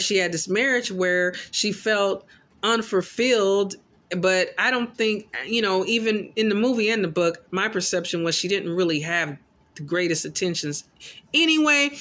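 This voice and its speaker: Man, fairly high pitched, bright tone, casual film recap, animated storytelling. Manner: animated storytelling, loosely paraphrasing scenes. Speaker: film commentator.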